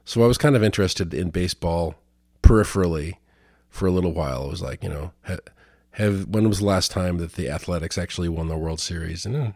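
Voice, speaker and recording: A man's voice: deep voice, brisk, darkish tone, no room sound, studio quality. A man hosting a show, reading news headlines aloud and giving casual, rambling commentary. He is sardonic and swears freely. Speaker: host.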